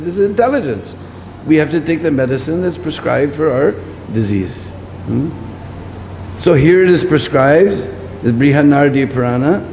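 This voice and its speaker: This scriptural lecture comes from a preacher whose voice is on the high side with a darkish tone. He repeats his points and keeps checking in with "hmm?". Long hall reverb and faint background noise color the audio.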